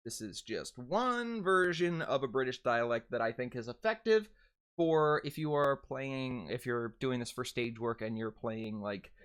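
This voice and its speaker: Young American dialect coach, chatty and loose, stretches vowels to demonstrate, clear resonant voice. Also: male voice, medium pitch, fairly bright tone. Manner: chatty, many fillers and self-corrections, drawn-out demonstration vowels. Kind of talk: casual how-to lesson.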